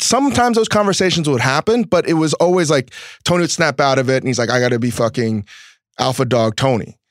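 A man hosting a podcast, speaking in a reflective, halting way and swearing often. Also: medium pitch, no room sound, clean studio sound. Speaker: host. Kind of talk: reflective conversation.

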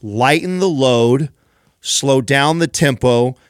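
A man's voice: mid-range voice, takes it slowly, clear, resonant tone, dry recording, studio quality. Man coaching with many restarts. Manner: coaching, explains with repeated restarts. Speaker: podcast co-host. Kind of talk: casual fitness podcast chat.

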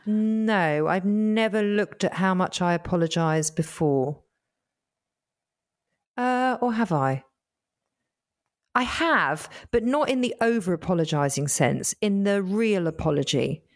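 A middle-aged woman with a slightly low voice talks through ideas in a casual podcast chat. She is earnest and reflective, slowing down when she makes a point. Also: expressive. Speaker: podcast co-host.

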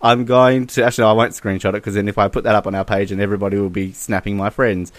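A man's voice: fairly low pitch, flat delivery, fast talker, no room sound. A man co-hosting a podcast, chatting casually and acting out quotes with lots of laughs. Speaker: podcast co-host. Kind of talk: casual chat. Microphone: podcast mic.

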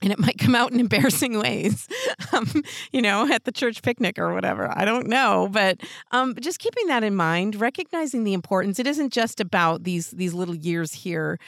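A woman hosting a parenting show, giving earnest, gentle advice in a casual way and laughing lightly between thoughts. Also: medium pitch, very animated, normal speed, creaky, no room sound, studio quality. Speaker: parenting podcast host.

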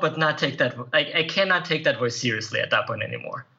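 A man's voice: mid-range voice, expressive, fast talker, gravelly, pushed and bright, highs cut off. A man speaking as a podcast guest, a self-improvement writer and coach, answering earnestly and reflectively with the odd light laugh. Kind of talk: conversational interview answers.

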